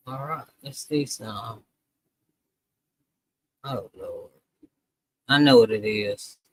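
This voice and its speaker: A man's voice: medium pitch, slow pace, husky, dry recording. A man chatting casually to his viewers during a live reaction stream, talking to them as "y'all".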